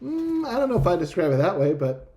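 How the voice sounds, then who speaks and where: A man's voice: high-pitched, wildly swooping pitch, a little fast, mellow. A man narrating as game master for a tabletop game, laid-back and hesitant, with many fillers and restarts.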